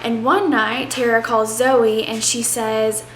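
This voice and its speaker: A chatty woman with a fairly high voice, recapping a book for her vlog at home. She sounds excited, dropping now and then into breathy whispers. The sound is roomy and echoey, with a faint hiss behind her. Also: slow pace. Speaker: book vlogger. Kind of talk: casual reading vlog chat. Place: home reading nook, indoors. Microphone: camera on a tripod. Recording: roomy echo with faint background noise.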